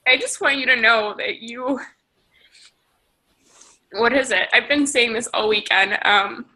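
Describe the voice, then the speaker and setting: Woman, bright and a touch high, team leader on a video call; emotional motivational speech, shaky and tearful. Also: measured pace, poor audio. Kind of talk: emotional motivational pep talk.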